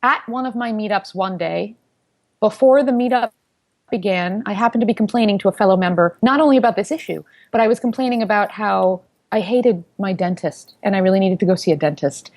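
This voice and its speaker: A woman in her thirties, a founder telling her story in an interview, animated and quick to act out what people said. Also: mid-range voice. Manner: animated storyteller who acts out quoted voices.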